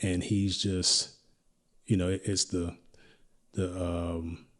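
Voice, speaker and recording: A middle-aged man hosting a podcast, telling a personal story in a reflective, halting way with many restarts. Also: deep voice, little pitch movement. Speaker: podcast host.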